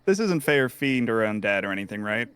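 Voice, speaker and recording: A man's voice: fairly low pitch, sing-song, a little fast, a bit bright, clear, resonant tone. A man playing a tabletop game, rambling as he talks himself through ideas. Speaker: player.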